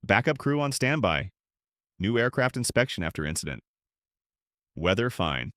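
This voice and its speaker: A man reading the lines of a calm, earnest male airline captain in a low, lively voice. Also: moderate pace, dry recording, studio quality.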